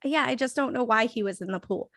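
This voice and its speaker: Woman, slightly high voice, blunt joking chat, dry close recording. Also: quick pace, a bit bright, no room sound. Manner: blunt, joking, laughs often. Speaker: podcast co-host reviewing a film. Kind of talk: casual drunk movie review chat.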